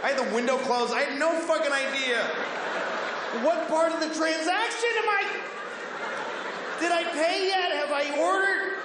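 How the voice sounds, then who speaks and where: High, animated stand-up man in echoey hall. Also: normal speed, long pauses, crowd noise. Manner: rambling, exasperated self-mockery. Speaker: stand-up comedian. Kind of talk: stand-up storytelling. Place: comedy club stage. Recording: echoey hall with background noise.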